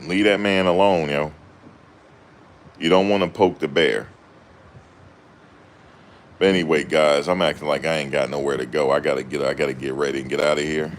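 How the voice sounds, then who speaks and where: A man's voice: very deep voice, steady tone, moderate pace, long pauses, a little hiss or hum. A young man chatting casually to camera in loose, slangy banter, often laughing. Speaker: vlogger.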